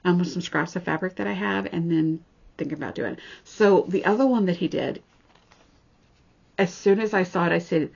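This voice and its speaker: A chatty woman vlogger who gushes over her craft finds and drops snarky asides. Her voice is gravelly and husky. The sound is a bit dull and lo-fi, like a home camera mic. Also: on the low side, normal speed. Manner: chatty, gushing, snarky asides, frequent restarts. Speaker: cross-stitch vlogger. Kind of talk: casual show-and-tell chat.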